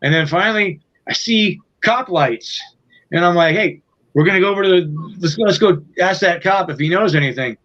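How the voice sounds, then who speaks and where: A man's voice: sits high, normal speed, a bit bright, dull audio. A man guesting on an interview show, telling a profane, rambling tour story in a casual way, full of fillers. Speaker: guest musician.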